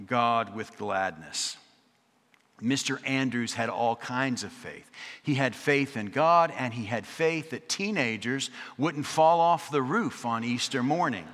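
A man's voice: medium pitch, fairly bright tone. A man preaching a storytelling sermon, with wry, conversational asides and dramatic repetition. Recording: long reverb of a large hall.

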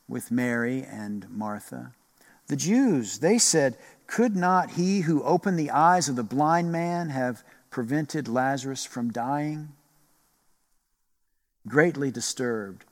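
A man preaching a sermon in a slow, reflective way, repeating phrases and pausing often. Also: mid-range voice, big-room sound. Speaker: pastor.

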